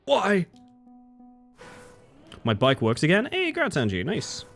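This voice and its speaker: Playful man with a lively, swooping voice. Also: unhurried, soft background music. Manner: playful, reads chat aloud and jokes, swings between excited yelps and low mutters. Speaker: live streamer. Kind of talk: casual live-stream chat while gaming.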